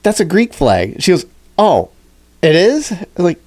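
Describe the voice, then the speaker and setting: A man co-hosting a casual podcast chat, swearing freely and acting out people he talks about in shrill mock voices. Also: measured pace. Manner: animated, swearing, acts out high-pitched shrieking quotes. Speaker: podcast co-host.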